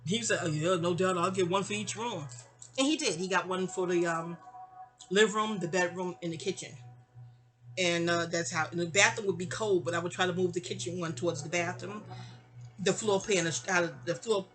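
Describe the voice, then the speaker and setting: Bright-voiced rambling New woman. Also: on the low side, normal speed, soft background music. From New York. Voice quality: rambling, digressive. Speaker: storyteller. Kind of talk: casual storytime monologue.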